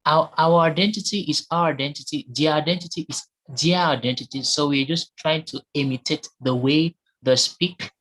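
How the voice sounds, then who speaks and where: A man's voice: fairly high pitch, normal speed, hardly any pauses, fairly bright tone, low-quality recording. A man giving his opinion in an online discussion, earnest and repeating his points for emphasis over a call. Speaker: discussion participant.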